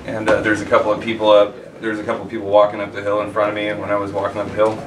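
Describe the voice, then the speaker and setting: A man's voice: fairly low pitch, monotone. Rambling man telling a story on a distant, roomy stage. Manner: rambling, halting, lots of restarts and swearing. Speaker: storyteller at a live show. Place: live venue with an audience. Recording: roomy, distant live recording with noise.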